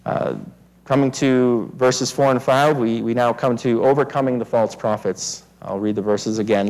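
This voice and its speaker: A male pastor delivering an expository sermon at a middle pitch. He speaks earnestly and often doubles words as he restarts his phrases. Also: steady tone, normal speed, a little mellow, poor audio. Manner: earnest, frequent word repetitions and restarts.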